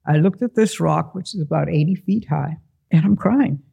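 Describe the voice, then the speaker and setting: A man telling a first-person story to a live audience, animated, acting out the voices of the people in it. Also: a little high, normal speed, gravelly, husky, dull audio. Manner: animated, acts out quoted voices.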